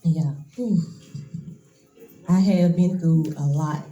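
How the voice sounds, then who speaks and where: A woman's voice: sits low, slow pace, warm tone, reverberant, lo-fi sound, soft background music. A woman in her twenties gives a nervous, emotional, casual speech as a braider at a hair shop event. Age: 20s.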